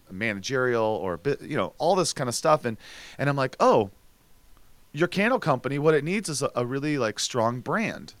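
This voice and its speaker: A man co-hosting a podcast, chatting casually and telling his plans with animated restarts. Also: mid-range voice, no room sound. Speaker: podcast co-host. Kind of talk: casual chat.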